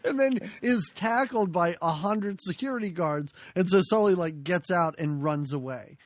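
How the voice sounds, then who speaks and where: A podcast co-host retelling movie scenes in a playful, self-mocking way, quick to laugh. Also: mid-range voice, no echo. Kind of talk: casual movie discussion.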